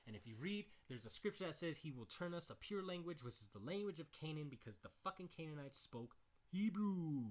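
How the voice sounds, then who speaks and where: A man with a fairly bright, slightly high voice hosts a video where he reads quotes from books. After each passage he mocks it bluntly and crudely, swearing freely throughout the casual commentary.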